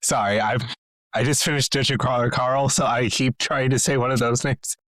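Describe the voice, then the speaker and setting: A man's voice: mid-range voice, steady tone, moderate pace, fairly bright tone, no echo, clean studio sound. A man at a tabletop game table, joking crudely and laughing often in casual banter. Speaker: player.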